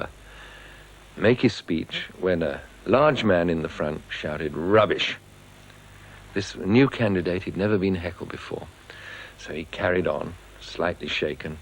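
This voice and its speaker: A man's voice: deep voice, poor audio. A man telling a humorous political anecdote, dry and building to a punchline. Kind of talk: storytelling anecdote.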